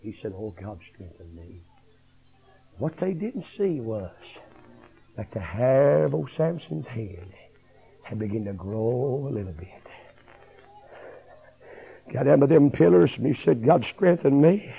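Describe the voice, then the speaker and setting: Impassioned preacher with gravelly voice. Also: male voice, mid-range voice, very animated, a little slow, long pauses, low-quality recording. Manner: impassioned, swinging from hushed to shouting. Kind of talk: revival sermon.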